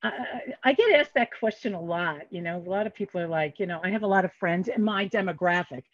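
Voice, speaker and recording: A woman's voice: fairly low pitch, fast, no room sound. An older woman, a guest economist, telling stories in a casual podcast interview and acting out the dialogue she quotes. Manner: animated, acts out quoted dialogue. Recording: muffled lo-fi sound.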